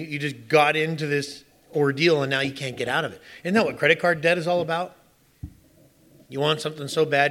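A middle-aged man delivering a sermon with a bright, forceful voice that sits a little on the high side. He tells stories with animation and keeps putting rhetorical questions to his listeners. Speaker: pastor.

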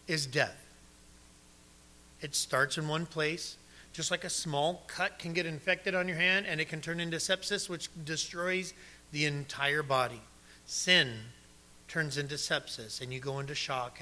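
A male pastor preaching a sermon, emphatic, dropping low and soft on key words.

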